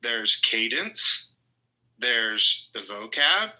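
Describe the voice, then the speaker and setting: A man's voice: medium pitch, big pitch swings, very slow, bright, forceful tone, rough recording. A man in a heated online debate who makes his points with dry, wry remarks.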